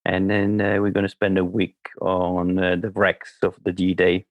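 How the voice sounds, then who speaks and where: A man in his thirties with a French accent, talking in a casual podcast interview. His voice sits low and he circles through fillers and restarts as he goes. The sound is dry and close. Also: monotone, unhurried, no room sound, muffled recording. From south of France. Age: 30s. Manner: hesitant, many fillers and repeated words. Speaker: podcast guest.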